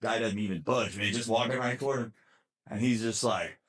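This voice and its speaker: A man at a family gathering telling a long joke, acting out the characters with lively sound effects. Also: medium pitch, normal speed. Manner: animated storyteller acting out characters. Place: outdoors at a family reunion.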